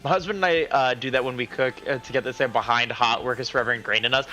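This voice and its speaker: A man's voice: mid-range voice, animated, quick pace, hardly any pauses, pushed and bright, soft background music, rough recording. A man chatting casually while cooking on a live stream from his home kitchen, rambling, laughing often and restarting his sentences.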